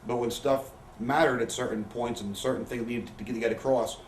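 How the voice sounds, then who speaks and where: Fast-talking man, roomy distant sound. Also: medium pitch, fairly even intonation. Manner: profane, rambling anecdotes with quoted voices. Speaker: interview guest. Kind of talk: candid storytelling. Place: living room. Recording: roomy, distant, faint background hiss.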